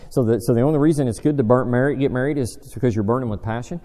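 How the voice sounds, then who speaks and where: A man's voice: mid-range voice, racing, hardly any pauses, mellow. A man preaching a conversational sermon, quizzing his listeners and poking fun at himself. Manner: chatty, asks the audience questions, dry self-deprecating humor. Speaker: preacher teaching a Bible study. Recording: long reverb of a large hall.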